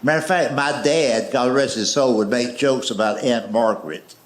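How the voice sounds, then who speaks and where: A man telling folksy stories in a stand-up comedy show on stage. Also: mid-range voice. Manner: folksy, drawn-out storytelling, slipping into quoted voices. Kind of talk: storytelling stand-up. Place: live comedy stage before an audience. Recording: live show with audience laughter and noise.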